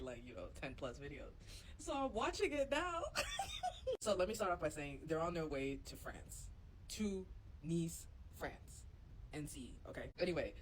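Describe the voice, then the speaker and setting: Giggly woman with a lively voice. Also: low voice, slight background noise, poor audio. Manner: giggly, breaks into laughter. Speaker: former gate agent reacting to videos. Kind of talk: casual reaction vlog.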